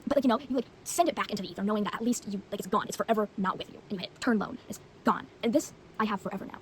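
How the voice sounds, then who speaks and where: A woman's voice: medium pitch, racing, a little hiss or hum, rough recording. A teenage girl chatting casually about books she has read, rambling with lots of fillers and blunt opinions. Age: teens. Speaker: vlogger. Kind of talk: casual book review chat.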